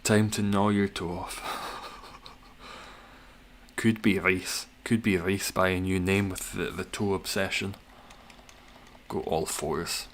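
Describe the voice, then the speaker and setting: Lowish-voiced man chatting on a game stream. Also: steady tone, slow, long pauses, fairly bright tone, a little hiss or hum. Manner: chatty, reads out and answers chat, dry teasing humor. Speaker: live-stream host. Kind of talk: casual live-stream commentary while gaming.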